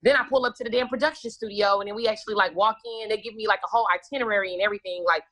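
Woman guest rattling off stories fast, bright sharp voice, cusses a lot, does her own lines in quotes. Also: medium pitch. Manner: animated, laughs often. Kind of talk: casual storytelling chat.

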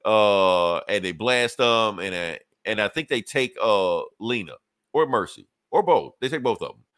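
A man in a casual podcast chat, swinging his pitch widely as he retells a story. He drops into the characters' voices and swears freely. His voice sits close and dry on the mic, with no room sound. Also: measured pace, no room sound. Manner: animated storyteller, acts out characters' lines, profane slang. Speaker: podcast co-host reviewing comics.

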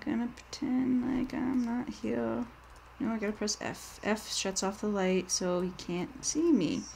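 A woman's voice: fairly high pitch, fairly even intonation, unhurried, gravelly, mellow, slight background noise. A woman streaming a game, talking to her chat in a rambling, jittery way that keeps tipping into panic. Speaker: gaming streamer. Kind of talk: live gameplay commentary.

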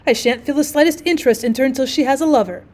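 A woman's voice: sits high, rapid-fire, a little mellow, natural voice. A woman voicing a blunt, dismissive upper-class husband in a classic short story, reading it in her own voice. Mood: offhand. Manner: curt and offhand.

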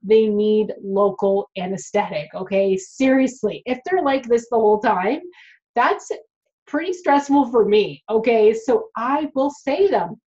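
A woman's voice: fairly high pitch, animated, measured pace, warm tone, dull audio. A woman, a dental hygienist, talking casually and frankly to the camera and addressing her viewers directly.

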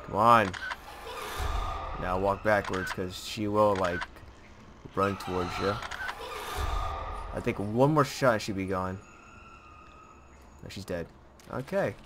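A man's voice: sits low, takes it slowly, long pauses. A man giving jumpy, swearing commentary on a horror game to his viewers. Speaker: gameplay commentator. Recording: clear background noise.

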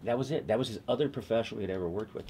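Animated low-voiced man telling stories. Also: rapid-fire, breathy edge. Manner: animated, laughs easily, slips into quoted voices. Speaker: TV writer, interview guest. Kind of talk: conversational storytelling.

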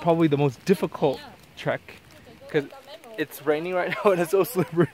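A man's voice: a little high, moderate pace, a crowd in the background. A man vlogging a trek and a party at a friend's home, laughing and playful, drunk as the day goes on. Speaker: travel vlogger. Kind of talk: casual vlog. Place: outdoors on a mountain trek, then a crowded home.

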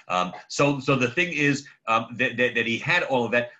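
A man's voice: medium pitch, animated, pushed and bright. A man, a rabbi, giving a conversational lecture over a video call and taking questions from the audience by name. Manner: halting, digressive, takes questions by name. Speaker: rabbi leading a class. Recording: muffled lo-fi online audio.

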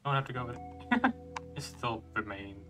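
A man's voice: medium pitch, big pitch swings, normal speed, music in the background. A man streaming a video game and thinking aloud as he plays, chuckling and restarting his sentences. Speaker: gaming streamer. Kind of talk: let's play commentary.

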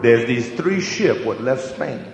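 A man's voice: mid-range voice, animated, vocal fry, noisy background. A man doing flustered Cajun Thibodeau. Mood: fumbling. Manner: halting and rambling. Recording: echoey hall with music.

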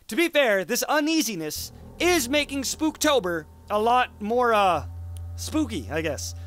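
A man's voice: high voice, sing-song, moderate pace, fairly bright tone, soft background music. A young man casually commenting on his gameplay, cursing and mocking himself. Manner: casual, swearing, self-mocking, laughs often. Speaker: let's play host.

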